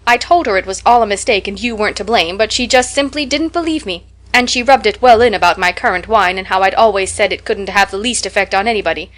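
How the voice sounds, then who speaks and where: A woman voicing a stern, practical middle-aged woman who talks briskly and sharply. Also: medium pitch, a bit bright, lightly acted. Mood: indignant.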